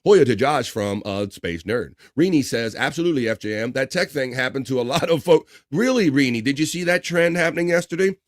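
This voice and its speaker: A man's voice: mid-range voice, expressive, fairly quick, few pauses, no echo, studio quality. A man hosting a casual live stream, reading viewer comments aloud, joking and laughing often. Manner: chatty, laughs often, reads chat names aloud. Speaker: livestream talk show host.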